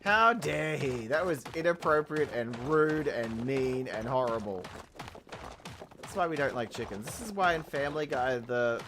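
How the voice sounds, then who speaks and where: An adult gaming host talking through a playthrough in casual let's-play commentary, rambling with restarts and swinging from mumbled asides to loud outbursts. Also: mid-range voice, lively intonation, moderate pace, background noise. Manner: chatty, rambling with fillers and restarts. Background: game music.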